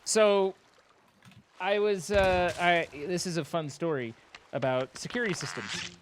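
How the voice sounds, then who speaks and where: A man's voice: sits high, unhurried, heavy background noise. A man streaming a game, bantering and telling stories in a teasing, playful way. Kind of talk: casual gaming banter.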